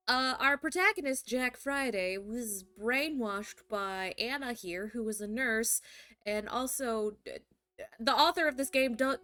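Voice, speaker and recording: A woman's voice: a little high, bright, forceful tone, no echo. A woman streamer chatting casually and animatedly, laughing and swearing freely between reading passages. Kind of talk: casual live-stream chat.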